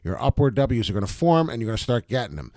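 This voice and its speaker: Male crypto commentator, brash and animated, average pitch, dry recording. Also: quick pace, dry recording. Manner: brash, animated, swears casually. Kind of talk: casual chart commentary.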